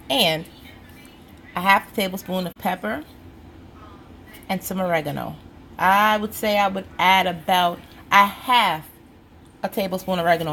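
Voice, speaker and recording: A woman's voice: mid-range voice, fairly bright tone, slight background noise. A woman hosting her own home cooking show, talking casually and directly to viewers with playfully bossy asides.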